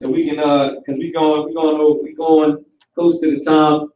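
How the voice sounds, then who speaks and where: A man teaches a live online class, lecturing casually and slangily. His voice sits fairly high. He sounds echoey and distant from the mic. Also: level tone, measured pace, phone-quality sound, slight background noise.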